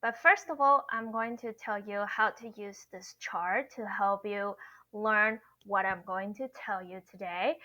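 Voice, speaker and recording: Slow-talking teacher woman. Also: mid-range voice, fairly even intonation, pushed and bright. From Taiwan. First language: Mandarin. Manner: patient, explaining step by step with frequent "okay?". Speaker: Mandarin teacher. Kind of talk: online language lesson.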